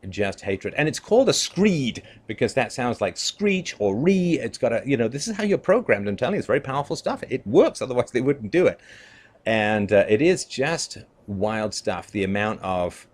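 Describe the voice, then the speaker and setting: A political commentator with a medium-pitched, sing-song voice delivers an opinion monologue at a moderate pace. He's emphatic yet conversational, leaning on "you know" and "right?" and chuckling between points.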